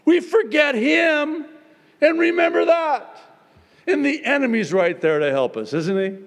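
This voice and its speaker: A male pastor preaching a sermon, swinging from loud dramatic exclamations to hushed, prayerful tones. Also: extremely high pitch, expressive, a little slow, vocal fry. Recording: long reverb of a large hall.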